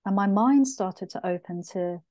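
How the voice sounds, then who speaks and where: A woman's voice: medium pitch, normal speed, dark tone, dry recording. A middle-aged woman, telling her story in an earnest, reflective way in an interview. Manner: earnest, reflective, acts out her own past thoughts. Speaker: author and interview guest.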